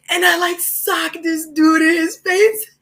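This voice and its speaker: Her voice is very high-pitched and slow. A young woman from Philadelphia, USA, she's a podcast guest telling stories in casual, slangy chat, animated throughout and laughing between lines and mid-story.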